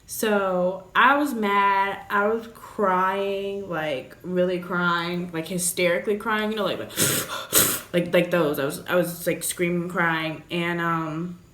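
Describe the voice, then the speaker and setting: Low-voiced young woman, blunt and profane. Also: steady tone, slow pace, fairly bright tone. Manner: blunt, profane, and joking about a serious story. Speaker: vlogger. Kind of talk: candid storytime. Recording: roomy echoey room.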